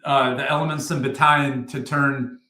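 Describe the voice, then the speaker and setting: A man's voice: medium pitch, flat delivery, moderate pace, bright, forceful tone, roomy sound. A middle-aged man, a retired army sergeant, telling war stories as an interview guest in a blunt, profane way, full of fillers and restarts. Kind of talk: casual interview storytelling.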